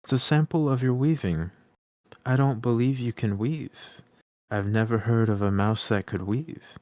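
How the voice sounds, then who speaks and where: A man's voice: mid-range voice, measured pace, a little mellow, no room sound, close to an everyday voice. A man voicing a modest, earnest young farmer's son while reading a storybook aloud.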